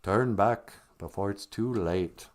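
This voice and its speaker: A man's voice: on the low side, slow pace. A man voicing a haughty male goblin king in a theatrical, taunting sing-song. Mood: grand.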